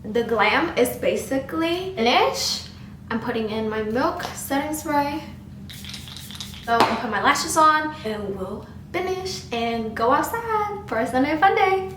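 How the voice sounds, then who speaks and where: A woman's voice: sits high, lively intonation, unhurried, roomy sound, far from the mic, noisy background. A woman chatting casually through a makeup tutorial, sassy and talkative. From Houston, Texas. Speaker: makeup vlogger.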